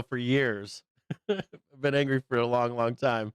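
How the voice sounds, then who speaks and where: A man's voice: mid-range voice, fairly even intonation, measured pace, smooth, no echo. Blunt, profane male trading-show host. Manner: blunt, profane, laughs often. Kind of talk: casual livestream chat.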